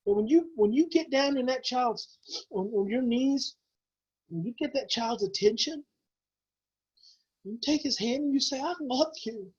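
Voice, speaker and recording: Husky, high-voiced man preaching parenting. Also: measured pace, long pauses, darkish tone, lo-fi sound. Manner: emphatic, repetitive, preacher-like urging. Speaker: parenting webinar presenter. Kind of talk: impassioned webinar teaching.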